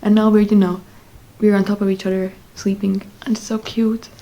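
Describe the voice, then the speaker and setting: A woman's voice: medium pitch, little pitch movement, moderate pace, dark tone. A young adult woman vlogger telling a casual story in a chatty way, full of fillers and asides.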